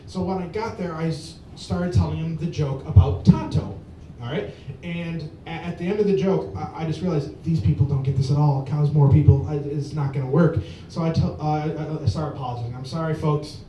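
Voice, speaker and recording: A man tells a rambling stand-up story at an open mic, stopping often on fillers and restarts. His voice sits a little high and sounds mellow. He is heard from across an echoey bar, with a faint rumble behind him. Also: brisk, few pauses, distant mic. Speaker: stand-up comedian.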